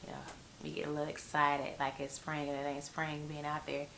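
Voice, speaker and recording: A woman's voice: low-pitched, monotone, a little fast, background noise. Stuffy-nosed woman gossiping casually. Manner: gossipy, blunt, slangy. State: stuffy head cold. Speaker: TV show reviewer. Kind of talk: casual chatty recap.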